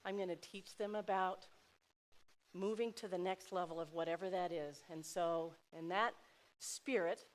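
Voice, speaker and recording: A middle-aged woman giving a heartfelt personal speech to an audience, swinging between loud exclamations and soft asides. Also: on the low side, steady tone, unhurried. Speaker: speaker at a dinner event.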